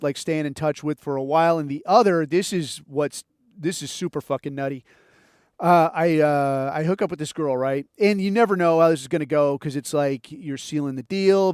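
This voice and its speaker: A man hosting a podcast, telling a story in a casual, profane, animated way and acting out the quotes. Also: a little high, clean tone, no room sound, clean studio sound. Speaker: podcast host.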